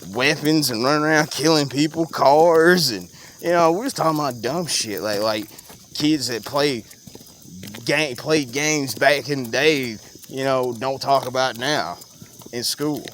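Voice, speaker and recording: In an unhurried casual chat outdoors, a young man tells a loose, animated story, jumping from loud bursts down to quiet mutters and laughing readily. Faint crickets chirp in the background, along with slight noise.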